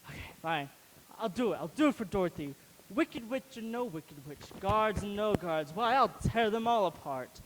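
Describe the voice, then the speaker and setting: A man's voice: high-pitched, animated, moderate pace, a little hiss or hum, low-quality recording. A teenage boy playing a timid, cowardly lion in a school stage play, blustering and hesitant. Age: teens. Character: timid cowardly male lion, boastful then scared. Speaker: student actor.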